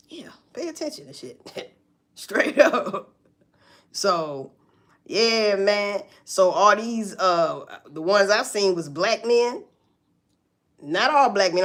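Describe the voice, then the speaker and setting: A woman's voice: fairly low pitch, a bit bright. A woman talking bluntly and profanely to her viewers, preaching about work and faith in casual commentary. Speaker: social media commentator. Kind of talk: casual live-stream commentary.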